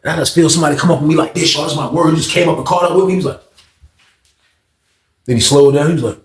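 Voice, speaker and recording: A man telling a story in a casual, slangy, animated way, acting out the quotes. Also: fairly high pitch, racing, pauses often. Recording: echoey room.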